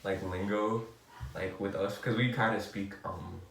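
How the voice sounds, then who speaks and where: Young NY guy co-hosting a podcast, lowish voice, lots of "like", off-mic in an echoey room. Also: a little slow, gravelly, a little hiss or hum. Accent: New York. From New York. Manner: rambling, heavy "like" filler, animated bursts. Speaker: podcast co-host. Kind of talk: casual chat. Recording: roomy and distant from the mic.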